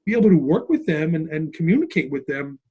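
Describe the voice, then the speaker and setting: Husky, animated middle-aged man. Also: fairly high pitch, quick pace. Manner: animated, tags lines with "right?" and "like". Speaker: school principal and author. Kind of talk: conversational interview storytelling.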